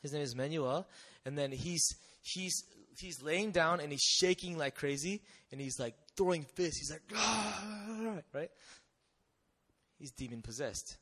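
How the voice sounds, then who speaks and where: A young man giving a lively testimony talk, telling a mission story with acted-out voices and frequent laughter. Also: a little high, measured pace. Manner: animated storyteller, acts out voices, laughs often. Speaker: missionary speaker.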